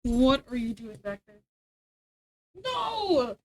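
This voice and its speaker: A woman's voice: very animated, slow, darkish tone. A woman livestreaming and chatting with her viewers in a playful, rambling way, tripping over her words and restarting sentences. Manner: high sing-song voice when scolding her dog. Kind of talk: casual stream chat.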